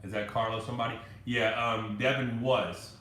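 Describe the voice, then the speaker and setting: A man hosting a casual live stream, reading viewer comments aloud in a loose, halting way with restarts. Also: mid-range voice, level tone, pushed and bright. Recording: echoey room with faint ambience.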